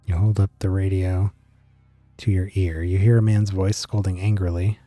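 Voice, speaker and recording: A man streaming a game, narrating it with dry, deadpan, wry asides. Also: sits low, normal speed, soft background music.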